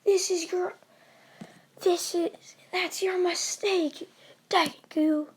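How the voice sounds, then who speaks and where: A woman voicing an arrogant, boastful male villain with high, loud, shrieking taunts. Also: steady tone, slow pace. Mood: gloating.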